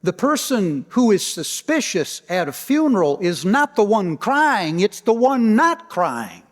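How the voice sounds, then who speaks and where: A male pastor preaching a storytelling sermon, swinging from loud emphasis down to near-whispers and repeating key phrases. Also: sits high, sing-song, unhurried, in a large hall. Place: church sanctuary.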